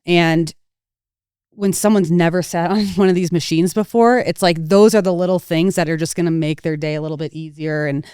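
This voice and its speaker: Very clear-voiced woman instructor, thoughtful. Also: on the low side, fairly even intonation, a little mellow, no room sound, studio quality. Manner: thoughtful, slows down at points, light laughs. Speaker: snowmobile riding instructor. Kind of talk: casual podcast chat.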